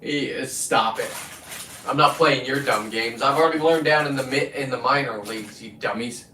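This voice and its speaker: A man's voice: medium pitch, normal speed, bright, forceful tone, a little hiss or hum. A man hosting his own livestream, ranting in a profane, combative, preachy way into a phone. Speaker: livestream host. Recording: echoey room, distant from the mic.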